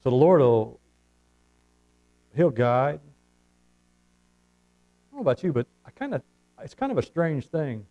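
A man's voice: medium pitch, sing-song, measured pace, long pauses, mellow, lo-fi sound. Man, pastor, preaching with homespun anecdotes and amen calls. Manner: folksy storytelling preacher, calls for amens. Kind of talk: sermon.

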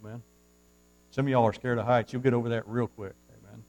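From the pulpit, a male preacher with a level, mid-range voice talks at a quick pace over poor audio. His sermon jumps from hushed asides to loud, fervent surges, and he reads scripture in formal, archaic wording in church.

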